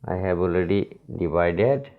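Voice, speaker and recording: A man teaching English pronunciation, dictating slowly and repeating words as he writes on a whiteboard. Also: sits low, animated, smooth, narrow, tinny audio. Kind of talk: classroom lesson at a whiteboard.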